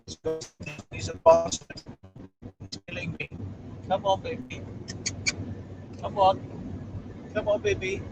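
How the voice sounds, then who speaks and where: A man's voice: sits high, steady tone, slow pace, vocal fry, pauses often, loud music behind the voice, pitched above the performer's own voice, exaggerated voice. A man voicing his overheated female pet dog, complaining and exasperated, in a car. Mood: cranky. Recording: distant mic in a noisy moving car.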